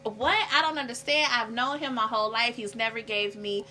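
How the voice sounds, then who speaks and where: A woman's voice: on the high side, brisk. A woman with an American country accent in casual chat, telling stories animatedly and acting out what people said. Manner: animated storytelling, acts out quoted people.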